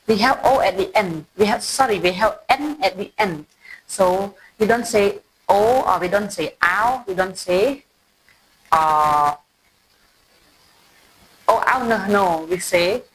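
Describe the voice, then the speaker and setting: A woman's voice: lowish voice, a bit bright, slightly rough, poor audio. A woman from Cambodia with a Cambodian accent, teaching an English phonics lesson and repeating each word several times with simple explanations. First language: Khmer.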